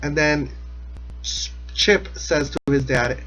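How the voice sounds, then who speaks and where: A man's voice: fairly high pitch, slow, bright, forceful tone, rough recording. A man giving a casual, rambling comedic recap of a cartoon episode, sarcastic and often laughing. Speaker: episode commentator.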